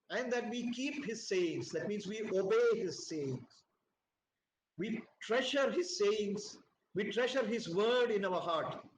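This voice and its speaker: A man from India leading a Bible study, reading scripture aloud and explaining it in an earnest, emphatic preaching manner. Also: sits high. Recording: roomy echo, faint background noise.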